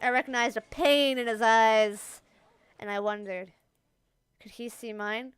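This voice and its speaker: A young woman reading visual novel narration aloud as a game streamer, dramatic and breaking into excited asides. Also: on the high side, measured pace, clean tone, no echo.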